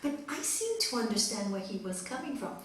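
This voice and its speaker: A woman's voice: medium pitch, very animated, a little fast, a little hiss or hum. A woman yoga teacher giving a spiritual talk to a group, earnest, telling stories and laughing often. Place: teaching centre room. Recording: echoey room, mic far off.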